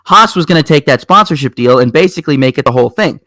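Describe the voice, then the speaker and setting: A man co-hosting a racing talk show, telling stories in a rambling, animated way with lots of restarts. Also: fairly high pitch, quick pace, no echo. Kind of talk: casual chat.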